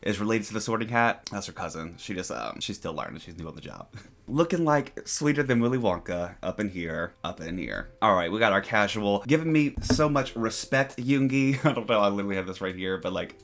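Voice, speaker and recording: A man's voice: lowish voice, animated, a little fast, a bit bright. A young man giving casual, playful commentary on photos, gushing with jokey asides. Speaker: YouTube commentary host.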